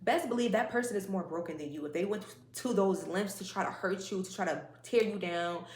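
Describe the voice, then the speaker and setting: A woman with a medium-pitched voice talks fairly quickly as she gives a casual spiritual oracle card reading. Her delivery rambles conversationally, full of fillers and asides, in an echoey room with faint noise.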